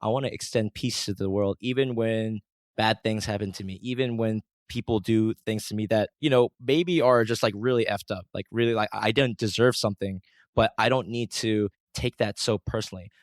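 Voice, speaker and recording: Earnest, preachy man with a low voice. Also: moderate pace, no room sound, clean studio sound. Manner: earnest and preachy, mimics his angry self in a raised voice. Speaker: podcast host. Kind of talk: reflective monologue.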